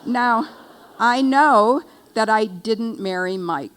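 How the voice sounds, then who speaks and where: An older woman giving a keynote speech, telling a humorous story in a wry, animated way. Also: on the high side, takes it slowly, a little hiss or hum. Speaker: keynote speaker. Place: event stage.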